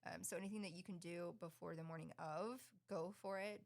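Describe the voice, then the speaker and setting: Bubbly divorced mom chatting casually. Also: female voice, lowish voice, a little fast, creaky. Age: middle-aged. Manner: bubbly, laughs often, animated retellings. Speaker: podcast co-host. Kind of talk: casual chat.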